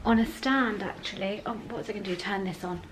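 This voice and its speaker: A young woman talking casually to a handheld camera as she goes about her day. Her voice sits at a middle pitch. She is chatty and self-deprecating, with frequent little laughs. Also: fairly quick, slight background noise. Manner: chatty and self-deprecating, often laughing, with soft baby talk to her son. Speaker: vlogger. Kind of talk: casual vlog chat. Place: home and outdoors in town.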